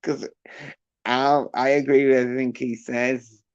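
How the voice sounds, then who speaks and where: A man's voice: medium pitch, level tone, unhurried, smooth, dry recording. A man hosting a livestream, ranting crudely and mockingly while reading out the chat. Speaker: livestream host. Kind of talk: casual livestream rant. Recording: dull lo-fi stream audio.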